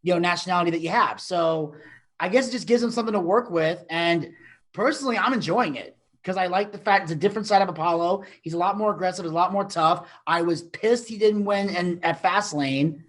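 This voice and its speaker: A man's voice: high voice, a little fast. A man co-hosting a casual podcast, chatty and explaining his picks at length. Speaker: co-host.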